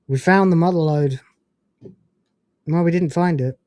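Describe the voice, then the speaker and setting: A man's voice: on the high side, moderate pace, long pauses, warm tone, no room sound. Dry-voiced man ranting on a stream. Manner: ranting, profane, incredulous. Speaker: livestream host. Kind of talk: casual livestream chat reading donations.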